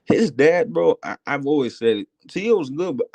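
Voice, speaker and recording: A man calling in to chat about boxing, rambling and excitable with lots of fillers. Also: a little high, moderate pace, creaky, no echo. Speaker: caller. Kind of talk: casual phone-in chat.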